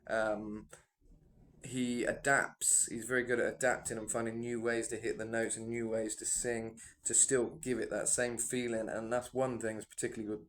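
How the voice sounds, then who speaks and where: A man's voice: on the low side, a bit bright, slight background noise. A man who sings himself, giving rambling, enthusiastic reaction commentary full of fillers. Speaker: music reaction vlogger and singer.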